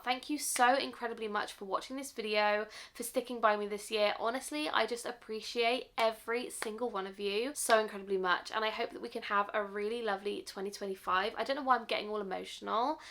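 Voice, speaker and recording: Chatty girl doing an unboxing, bright sharp voice, says like a lot. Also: mid-range voice. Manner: chatty and gushing, lots of "like". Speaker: beauty vlogger. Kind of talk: casual unboxing vlog.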